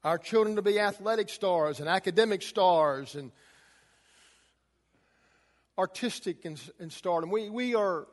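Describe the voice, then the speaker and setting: A man's voice: sits high, unhurried, long pauses, in a large hall. A man preaching a sermon to a congregation, emphatic, his delivery rising and falling. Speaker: pastor.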